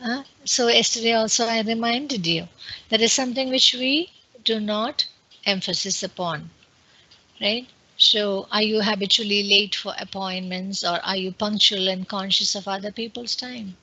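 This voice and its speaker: A woman's voice: mid-range voice, fairly even intonation, normal speed, pushed and bright, highs cut off. A woman with an Indian English accent giving an online webinar lecture in an explanatory way, with many fillers and restarts. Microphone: computer mic on a video call.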